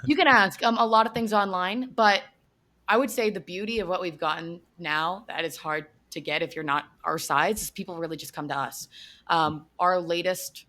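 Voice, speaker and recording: A woman's voice: on the low side, normal speed, sharp tone. A woman chatting casually as a podcast guest, upbeat and full of fillers. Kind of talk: casual chat.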